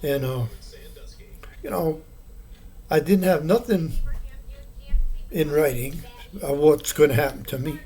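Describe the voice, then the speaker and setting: A man's voice: on the high side, slow pace, long pauses, warm tone. An older man talking casually to the camera in a meandering, plainspoken way, with many fillers and restarts. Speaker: vlogger. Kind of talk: casual rambling monologue.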